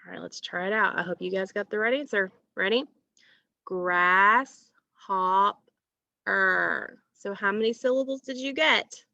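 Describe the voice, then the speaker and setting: A woman teacher giving a recorded phonics lesson to children, asking questions and pausing patiently for answers. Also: mid-range voice, gravelly, pushed and bright, no echo, dull audio. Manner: slow, patient, asks questions and pauses for answers.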